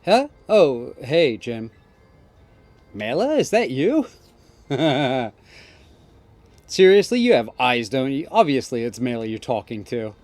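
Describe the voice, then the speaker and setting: A man's voice: medium pitch, sing-song, slow pace, long pauses, a little mellow, no room sound. A man voicing a sarcastic, bored teenage girl gang boss with an offhand way of talking. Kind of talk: reading game dialogue aloud.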